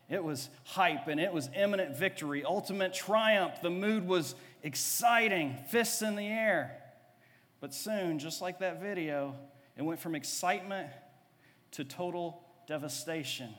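A male pastor preaching a sermon, telling the story with humor and swinging from hushed to rising. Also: on the high side, in a large hall.

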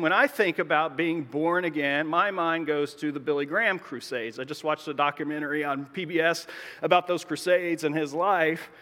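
Male pastor giving a sermon, high bright voice, chatty and explaining, big echoey church hall. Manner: conversational, explanatory, with joking asides. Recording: long reverb of a large hall.

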